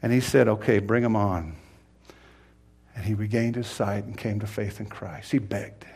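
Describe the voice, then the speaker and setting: A man preaching a sermon, swinging from loud cries to hushed whispers and acting out the people in his stories. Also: steady tone, normal speed, slightly rough. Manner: acts out quoted cries in a high strained voice.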